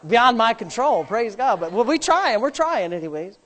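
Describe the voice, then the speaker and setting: Male pastor, high voice, emphatic sermon delivery with loud shouts and soft joking asides. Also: big pitch swings, moderate pace. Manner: jokes with the congregation.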